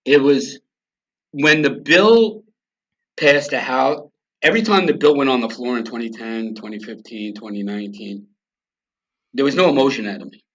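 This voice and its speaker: A man from New York, guesting on a podcast, tells his story in a conversational interview with blunt, emphatic, profane language. His medium-pitched voice is fairly bright and moves at a moderate pace over slightly dull lo-fi sound.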